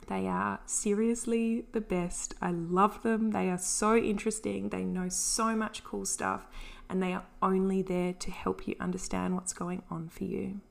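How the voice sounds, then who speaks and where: Gentle gravelly-voiced woman podcaster. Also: mid-range voice. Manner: gentle, encouraging, earnest. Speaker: podcast host. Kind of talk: solo podcast talk on anxiety and self-care.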